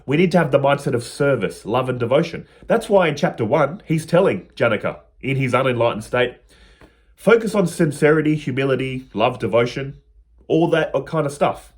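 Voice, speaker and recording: Earnest man explaining spiritual ideas. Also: fairly high pitch. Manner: earnest, personal, plain-spoken. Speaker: spiritual teacher. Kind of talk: explaining spiritual teachings to camera.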